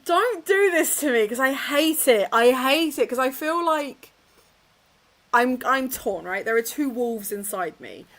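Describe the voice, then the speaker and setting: A woman's voice: high voice, lively intonation, measured pace, fairly bright tone. A young woman, hosting a casual reading livestream from her home office, chatty and self-mocking with frequent laughs. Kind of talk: casual chat to live chat.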